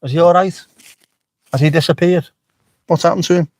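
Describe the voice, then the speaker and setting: A man's voice: on the high side, fairly even intonation, fairly quick, a little mellow, dry recording. A middle-aged man chatting casually on a livestream, joking and swearing freely as he answers the chat. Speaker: livestream host. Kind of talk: casual live-stream chat.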